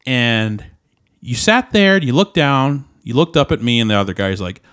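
A man co-hosting a podcast, telling a story in an animated, profane, casual way. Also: medium pitch, normal speed, clear, resonant tone. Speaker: podcast co-host.

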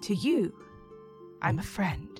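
A woman voicing a gentle, kind female goddess who speaks softly and reassuringly in a tabletop role-play. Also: medium pitch, slow, faint music behind. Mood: tender. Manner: soft, calm and reassuring.

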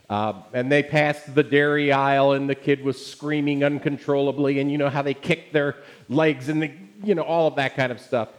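A male pastor preaching to his congregation, his voice sitting a little higher than most men's. He talks like he is chatting with friends, winding through a story with plenty of casual asides. He checks in with the room as he goes. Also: steady tone, moderate pace, hardly any pauses. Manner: conversational storytelling with audience asides. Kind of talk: Father's Day sermon.

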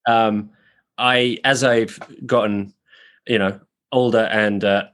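A man's voice: on the low side, fairly even intonation, slow pace, a bit bright. British man musing on the craft. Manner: thoughtful, rambling, frank. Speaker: actor, guest. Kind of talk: casual podcast conversation. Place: New York.

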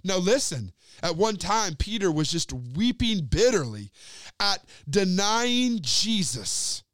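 A man preaching a sermon and retelling a scripture story, talking straight to his listeners and letting his sentences sink to low, quiet endings. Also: very animated, slow pace, no echo, studio quality. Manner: addresses listeners directly as friends.

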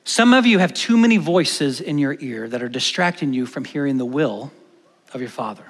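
A man preaching a sermon as pastor, animated, moving between loud stresses and hushed emphatic lines, in a church hall. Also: mid-range voice, normal speed. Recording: long church-hall reverb.

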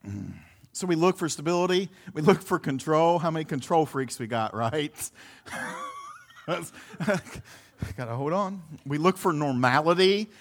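High-voiced man preaching casually. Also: huge pitch swings, measured pace, fairly bright tone. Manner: conversational preaching with many restarts and laughs. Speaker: pastor. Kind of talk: sermon.

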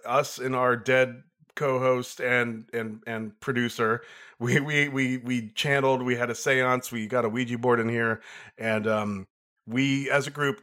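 A man's voice: mid-range voice, bright, forceful tone. A man co-hosting a film review podcast, chatting casually and joking playfully. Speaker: podcast co-host.

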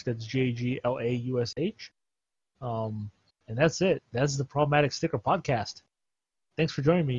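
A man hosting a casual podcast chat, excitable and quick to laugh, with slangy talk. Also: medium pitch, breathy edge, no echo, muffled recording. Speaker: podcast host.

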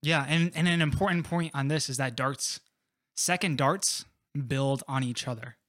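A man's voice: mid-range voice, no room sound, clean studio sound. Casual man explaining in a mid-range voice. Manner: relaxed, drawn-out explanations with many "like" fillers. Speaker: podcast co-host. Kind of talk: casual recovery workshop talk.

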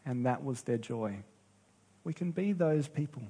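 A man preaching a sermon as pastor, earnest and unhurried, with pauses and restarts. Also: medium pitch, dark tone, slightly rough.

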